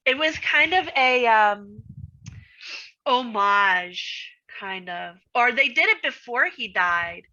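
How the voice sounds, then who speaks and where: An American woman from Arizona co-hosting a casual online chat, excitable and often laughing. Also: fairly high pitch, slow. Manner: giggly, excitable. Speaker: co-host. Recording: dull lo-fi audio.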